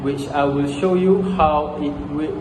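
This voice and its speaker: A man's voice: on the high side, measured pace. Young man presenting in an echoey hall. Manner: reads word lists in a steady, repetitive pattern. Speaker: student presenter. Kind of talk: class presentation. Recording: echoey hall with background noise.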